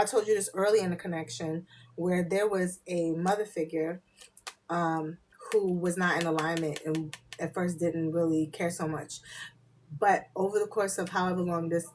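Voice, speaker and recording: A woman's voice: lowish voice, steady tone, moderate pace, a little mellow, slight background noise. A woman hosting a casual live spiritual reading, chatty and loose, laughing and swearing freely, and often slipping into muttered asides to her viewers.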